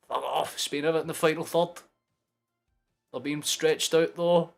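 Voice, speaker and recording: A Scottish man in his twenties giving sweary, excitable live commentary while hosting a football watchalong stream. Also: a little high, unhurried, creaky, pauses often, faint music behind. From Scotland. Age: 20s. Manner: excitable, sweary, shouting at big moments.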